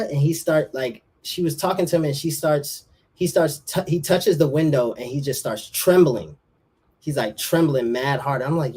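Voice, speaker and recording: A man's voice: a little high, moderate pace, a little mellow, breathy edge. A young man telling a personal story as a podcast guest in casual slang, rambling and saying bro and like often.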